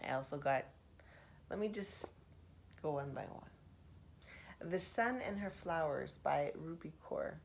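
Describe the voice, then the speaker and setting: A woman speaking softly for ASMR, musing aloud with pauses and half-whispered asides. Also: deep voice, lively intonation, vocal fry, a little hiss or hum. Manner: reflective, thinking aloud with pauses. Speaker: host. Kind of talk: soft-spoken ASMR poetry analysis.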